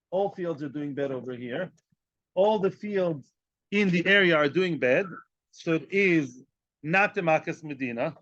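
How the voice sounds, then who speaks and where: A man with a high voice teaches a Talmud lesson. He acts out each side of the case in lively turns and mixes Hebrew and Yiddish terms into his English. The recording sounds dull and lo-fi. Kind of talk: animated Talmud class.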